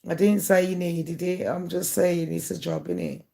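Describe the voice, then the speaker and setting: A woman's voice: lowish voice, steady tone, normal speed, gravelly, mellow. A woman talking straight to her viewers in a candid, aggrieved monologue. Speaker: YouTuber. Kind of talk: casual monologue to camera.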